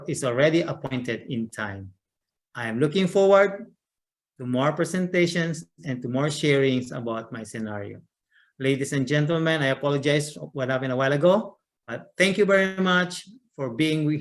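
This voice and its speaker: Earnest man giving a heartfelt speech. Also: medium pitch. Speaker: sales master giving a speech. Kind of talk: emotional prepared speech.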